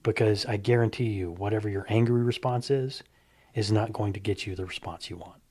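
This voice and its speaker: A man's voice: fairly low pitch, a little fast, breathy edge. A middle-aged man chatting casually, telling stories with animation and acting out other people's lines. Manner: animated storyteller, acts out quoted voices. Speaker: guest.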